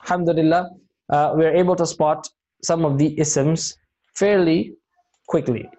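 Patient man teaching Arabic, mellow voice. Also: on the high side, steady tone, measured pace. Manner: patient, encouraging, stepwise explanations with frequent check-ins. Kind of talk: online class teaching.

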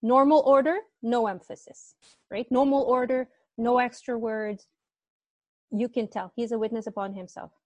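A woman's voice: on the high side, steady tone, normal speed, a little mellow, no room sound. A woman teaching Arabic grammar to students online, explaining patiently step by step and asking them questions, speaking through earbuds on a video call.

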